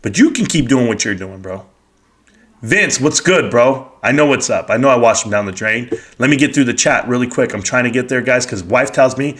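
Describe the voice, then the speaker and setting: A man's voice: medium pitch, fairly quick, fairly bright tone. A man hosting a livestream, ranting in a blunt, heated and profane way as he reads the chat. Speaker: livestream host.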